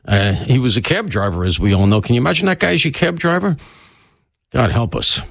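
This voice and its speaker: Older man, lively rambling talk-radio host. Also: medium pitch, a little fast, creaky, no room sound. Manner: chatty, rambling, self-mocking, lively. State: stuffy from allergies. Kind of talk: casual talk radio monologue.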